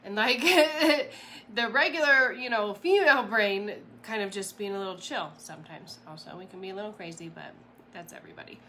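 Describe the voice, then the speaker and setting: Chatty, animated woman coaching. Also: mid-range voice, normal speed, a little hiss or hum. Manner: chatty and animated, rambling with fillers and laughs. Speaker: mindset coach. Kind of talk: casual motivational talk to camera.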